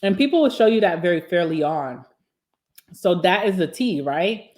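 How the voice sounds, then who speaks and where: A young woman vlogger talking casually and candidly to camera while eating, sassy and quick to laugh. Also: lowish voice, lively intonation, darkish tone. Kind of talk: casual mukbang chat to camera.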